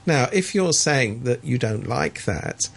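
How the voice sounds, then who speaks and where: Sardonic male pundit, gravelly and husky, emphatic with frequent restarts. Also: mid-range voice, sing-song, takes it slowly. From Hong Kong resident. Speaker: political commentator. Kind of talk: opinionated discussion.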